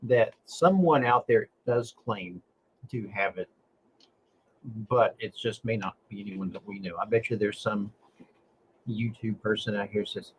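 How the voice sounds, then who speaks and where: A man appearing as a podcast guest, chatting casually and explaining his points in a measured, deliberate way. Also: lowish voice, dull audio, a little hiss or hum. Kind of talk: casual chat.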